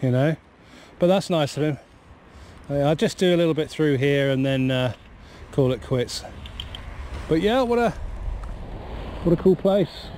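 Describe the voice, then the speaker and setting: A man's voice: fairly high pitch, expressive, measured pace, pauses often, darkish tone, slight background noise. A man with a cold, vlogging casually and rambling cheerfully outdoors by a river in bad weather, talking to a camera mic. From Cornwall. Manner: chatty, rambling, easily amused. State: has a cold. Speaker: fishing vlogger. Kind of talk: casual outdoor vlog narration.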